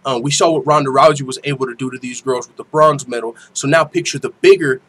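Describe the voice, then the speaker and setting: A man's voice: mid-range voice, steady tone, fast, a bit bright, breathy edge. A man hosting an MMA podcast in loose, slangy casual chat, laughing often. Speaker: podcast host.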